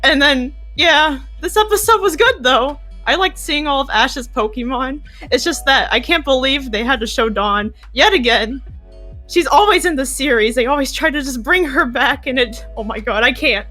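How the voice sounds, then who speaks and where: A woman with a high, bright voice rants over a voice call. She is animated and dramatic and laughs through her complaints. Faint music plays underneath. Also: moderate pace. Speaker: panel guest. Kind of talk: casual reaction rant.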